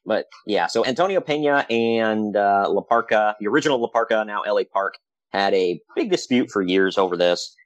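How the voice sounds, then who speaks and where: A man co-hosting a podcast, telling stories in a casual, animated way with frequent laughs. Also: on the low side, normal speed, no echo. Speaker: podcast co-host. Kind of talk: casual chat.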